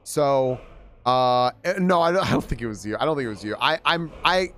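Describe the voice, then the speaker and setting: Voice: mid-range voice, lively intonation, brisk, fairly bright tone, clear, resonant tone, soft background music. A young adult live streamer chatting casually with viewers, giggling often, swearing freely and rambling through restarts.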